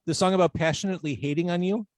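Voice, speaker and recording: A man hosting a live podcast interview, asking quick, playful, teasing questions. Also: high-pitched, a little mellow. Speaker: podcast host.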